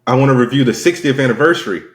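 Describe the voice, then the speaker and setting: A man co-hosting a podcast in casual chat, with expressive, joking banter. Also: medium pitch, rapid-fire, echoey room. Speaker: podcast co-host.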